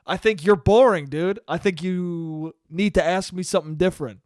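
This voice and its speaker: A man's voice: high-pitched, animated, measured pace, darkish tone, no room sound, studio quality. A man hosting a solo podcast, telling stories in a profane, exasperated, mocking rant. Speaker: podcast host. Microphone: podcast microphone.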